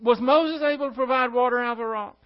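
A man leading a Bible study, retelling scripture with animated drama and frequent asides. His voice sits fairly high for a man. The recording has a dull, lo-fi sound. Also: fast. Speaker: Bible teacher.

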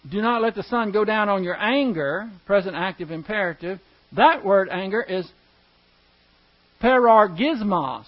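In a muffled recording, a high-pitched man teaches a Bible class verse by verse. He explains Greek grammar step by step and asks the class questions.

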